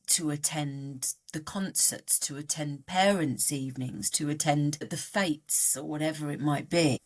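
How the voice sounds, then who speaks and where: Casting: middle-aged woman, low voice, lively delivery, open podcast guest. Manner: animated, voice jumping up and down in pitch. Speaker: guest coach. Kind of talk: candid podcast conversation.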